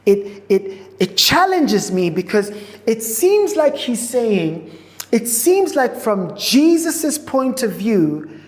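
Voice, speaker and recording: A woman pastor preaching a sermon in a church auditorium. She speaks in slow, repeated phrases and often restarts her sentences. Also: fairly high pitch, a little mellow. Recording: echoey hall with long reverb.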